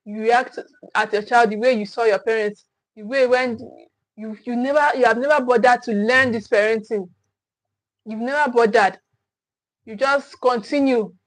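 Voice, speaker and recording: A woman's voice: a little high, no echo, poor audio. A woman, a parent coach giving an emphatic teaching talk, often repeating and restarting her words. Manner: emphatic, repetitive restarts, acts out scolding parents.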